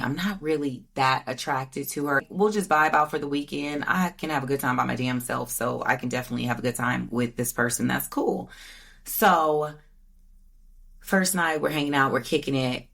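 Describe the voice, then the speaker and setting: A woman in her thirties hosting a podcast, telling a dating story in a candid, casual way and acting out what people said. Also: low voice. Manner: candid, animated retelling with mock-quoted voices. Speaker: podcast host.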